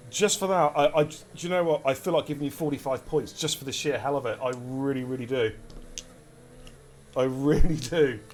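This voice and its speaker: A man giving live commentary on an online racing league, excitable and chatty, talking straight to his viewers. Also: medium pitch, moderate pace, a little hiss or hum. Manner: excitable, chatty, addresses chat directly. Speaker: race commentator and streamer. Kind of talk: live esports race commentary.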